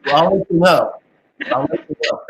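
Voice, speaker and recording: A man hosts a live interview show in a jovial, teasing manner. His speaking voice sits fairly high for a man. He keeps the talk lively and playful. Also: moderate pace, creaky. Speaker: host.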